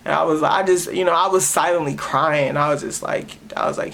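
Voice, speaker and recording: A man's voice: fairly high pitch, steady tone, quick pace, vocal fry, few pauses, a bit bright, a little hiss or hum. A young man hosting a podcast, earnestly telling a personal story straight to his listeners with many restarts. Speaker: podcast host.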